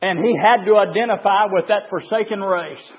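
A man preaching a fervent sermon to a gathering of men, swinging between shouts and low murmurs. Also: normal speed. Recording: dull echoey hall recording.

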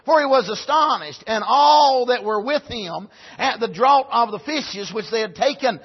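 A male preacher delivering a sermon, punctuating it with amens and swinging from loud cries to soft, low passages. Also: expressive, normal speed, breathy edge, muffled recording.

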